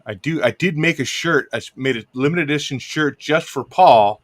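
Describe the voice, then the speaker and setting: A man's voice: a little high, moderate pace. A man hosting a casual livestream show, rambling loosely and reading out chat comments. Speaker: podcast host.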